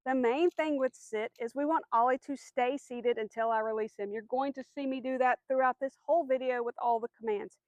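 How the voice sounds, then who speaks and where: High-voiced woman teaching dog commands. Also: a little fast, hardly any pauses, a little mellow, dry recording. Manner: clear, patient explaining, firm short commands to the dog. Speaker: dog trainer. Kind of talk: instructional demonstration.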